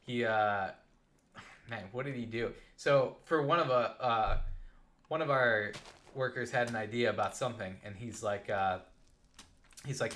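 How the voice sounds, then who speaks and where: Low-voiced young male streamer, chatty and rambling, telling stories mid-game. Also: measured pace, long pauses, slight background noise. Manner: rambling and animated. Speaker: gaming live streamer. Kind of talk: casual storytelling while playing.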